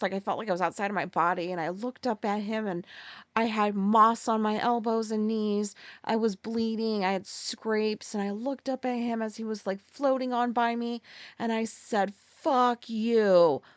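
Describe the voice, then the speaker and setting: A woman with a fairly high voice hosts a casual solo podcast. She tells a story frankly, swears freely and laughs at herself. The sound is close and dry, with no room echo. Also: fairly even intonation, normal speed. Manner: candid and profane, often laughing at herself. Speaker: podcast host.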